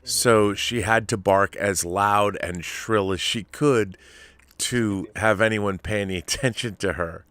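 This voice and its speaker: A man hosting a podcast, telling a rambling, animated story in casual chat. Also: fairly low pitch, a little slow, clean tone, no room sound. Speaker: podcast host.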